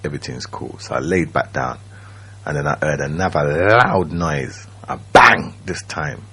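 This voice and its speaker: Very deep, husky man. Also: lively intonation, bright, forceful tone. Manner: slow, reflective, keeps checking in with the listener. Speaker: radio show guest. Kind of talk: personal storytelling. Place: radio studio.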